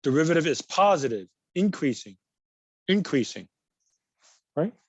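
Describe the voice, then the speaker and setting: A man's voice: a little high, very animated, unhurried, breathy edge, no room sound, muffled recording. A man teaching a college math class, patiently working through examples and repeating key words. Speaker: math instructor. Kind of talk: recorded class lecture.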